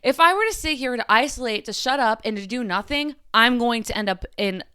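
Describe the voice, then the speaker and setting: A young woman pours out her frustration on her podcast, restarting sentences and repeating herself. Her voice is high, bright and crisp, with sharp climbs and sudden drops. It is recorded dry and close, with no room sound. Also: lively intonation, a little fast, no room sound. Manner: upset, repeats herself, voice rises and falls sharply. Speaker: podcast host. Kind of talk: emotional personal monologue.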